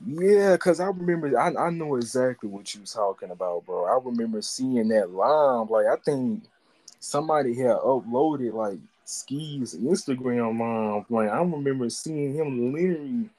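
A young man hosting a podcast in casual, slangy chat, animated and full of "like". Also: medium pitch, moderate pace, low-quality recording. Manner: slangy, animated, repeats filler "like". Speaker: podcast host.

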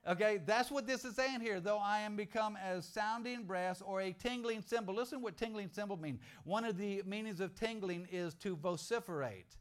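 A middle-aged man preaching a sermon in an animated, joking way, moving from quiet asides to loud outbursts. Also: high-pitched, a little fast, clean tone.

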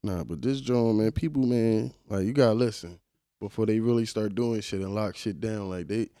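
A man's voice: lowish voice, normal speed, no echo. Blunt, profane young man in casual chat. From United States. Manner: blunt, animated, profane banter.

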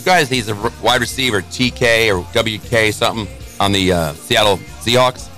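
A man from Chicago co-hosting a radio show, telling animated sports stories in casual banter. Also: lowish voice, soft background music. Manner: animated storyteller, quick and bright.

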